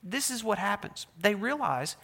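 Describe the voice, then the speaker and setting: A man preaching a sermon as pastor, swinging between quiet, low lines and loud, raised cries when voicing prayers. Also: very animated, normal speed, creaky, husky, big-room sound. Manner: preaching with dramatic voiced prayers, rising and dropping loudness.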